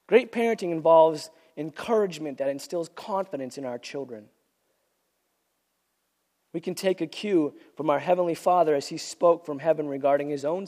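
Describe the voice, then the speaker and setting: With a cold stealing his voice, a man delivers an earnest sermon, leaning on repeated phrases for emphasis. His voice is a little high with a dark tone, captured in the long reverb of a big hall.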